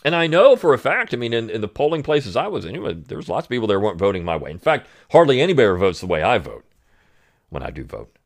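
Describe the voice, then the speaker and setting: A man's voice: medium pitch, big pitch swings, very fast, hardly any pauses. A man hosting a political commentary podcast, talking in a sarcastic, mocking way. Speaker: podcast host.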